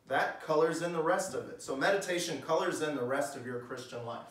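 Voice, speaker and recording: A man's voice: on the high side, fairly quick, hardly any pauses, a bit bright. A man preaching a sermon in a conversational way, asking his listeners questions and reading scripture aloud in church. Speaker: pastor. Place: church hall. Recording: echoey room, mic at a distance.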